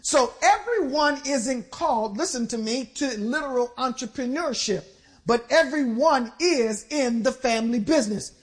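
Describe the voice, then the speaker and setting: High-pitched woman preacher, fervent, calls on the church to answer back. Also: lively intonation. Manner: exhorting, call-and-response with the congregation; swings between slow stressed phrases and quick bursts. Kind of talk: sermon.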